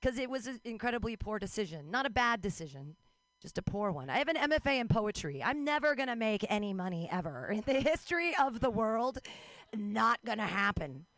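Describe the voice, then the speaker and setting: A young adult woman doing a wry, self-mocking stand-up set out in the street, with quick asides and put-on voices. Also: fairly high pitch, very animated, fairly bright tone, no room sound. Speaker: stand-up comic. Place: street outdoors.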